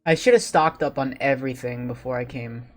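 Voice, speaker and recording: A man streaming a video game, chatting casually and hesitantly with many pauses and fillers. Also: medium pitch. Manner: rambling, hesitant, lots of ums. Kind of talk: casual gameplay commentary. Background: game music.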